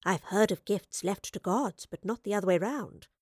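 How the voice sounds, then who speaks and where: Learned woman professor, calm, measured, careful, voiced by a woman reader, dry sound. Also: mid-range voice, slightly rough, no room sound, lightly acted.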